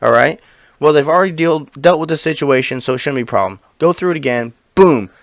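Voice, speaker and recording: A man co-hosting a podcast, telling a story in casual chat, animated and profane, acting out the lines of the people in it. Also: on the high side, fast talker, dry recording. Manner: animated, profane, acts out quoted dialogue. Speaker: podcast co-host.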